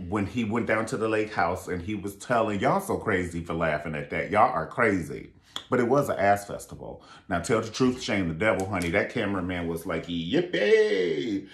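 Campy, sassy man in an echoey room. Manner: animated and campy, with loud shrill falsetto impressions. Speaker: reality TV reviewer. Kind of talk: sassy vlog commentary.

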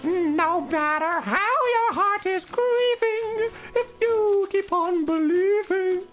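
A man doing a raspy, high parody impression of a cartoon mouse, slowly crooning a ballad. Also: fairly bright tone, exaggerated voice, poor audio. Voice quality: raspy falsetto singing. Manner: slow, drawn-out crooning.

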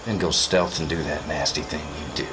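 A wry deep-voiced officer. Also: male voice, fairly even intonation, a little fast, background noise. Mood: briefing. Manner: casual, wry briefing tone. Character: gruff male military officer briefing a commander. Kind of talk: game cutscene acting.

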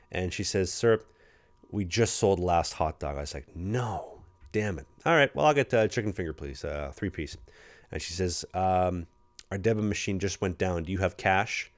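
A young Canadian man, a rookie in pro hockey, co-hosts a podcast, rambling through anecdotes and imitating his teammates in a casual storytelling chat. His voice sits low and moves at a normal speed.

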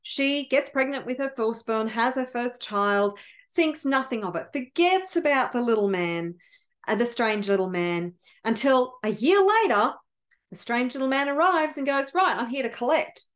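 A woman coach retells a fairy tale in a loose, animated way, often breaking off and correcting herself. Her voice sits fairly high. The delivery is casual, not scripted. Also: measured pace. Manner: animated, chatty, self-correcting. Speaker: mindset coach. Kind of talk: casual storytelling.

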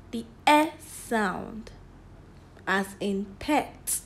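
A woman teaching a phonics lesson to young children, slowly stretching out each sound and repeating it several times. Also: mid-range voice. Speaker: primary school teacher.

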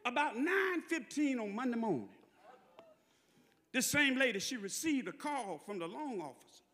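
A man with a Southern US accent preaching a sermon, telling a story in a conversational way and rising into shouted preaching. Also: very high voice, expressive, normal speed. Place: church sanctuary. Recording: long reverb in a church hall.

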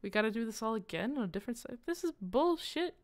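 With a fairly high pitch, a woman streamer talks casually to her live viewers, practicing foreign phrases by sounding them out and repeating them aloud. She's excitable, swears often, and bursts out loudly without warning.

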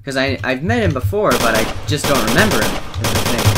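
A man's voice: medium pitch, big pitch swings, fast, hardly any pauses. A man giving casual gameplay commentary, swearing, laughing and trash-talking his opponents. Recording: noisy with game gunfire behind. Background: gunfire and keyboard clicks.

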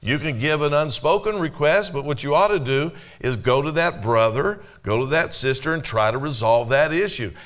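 A male pastor with a voice pitched a bit above most men's, delivering a sermon in a church. He talks to the congregation in a plain, conversational way, asking rhetorical questions and quoting scripture. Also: lively intonation, normal speed, few pauses, a bit bright. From Canada.

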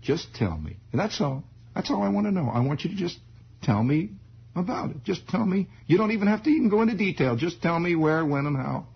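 A man voicing a stern middle-aged father who coaxes his son in a low, soft, insistent voice. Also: sing-song, a little fast, vocal fry, slightly rough, full character voice. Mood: coaxing. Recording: dull old radio broadcast.

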